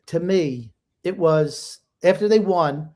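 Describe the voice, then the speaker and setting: A man's voice: a little high, takes it slowly, warm tone. An older man co-hosting a sports podcast, blunt and emotional in casual chat. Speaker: podcast co-host.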